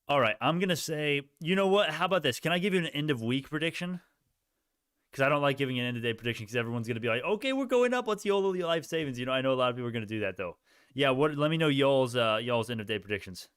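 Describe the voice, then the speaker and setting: Male stock streamer, clear smooth voice, dry close sound, loose and rambling. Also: medium pitch, racing, a bit bright, no echo. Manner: rambling, casual, thinking aloud. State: sleepy, yawning. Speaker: stock livestream host. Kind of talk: live stream chat answering viewers.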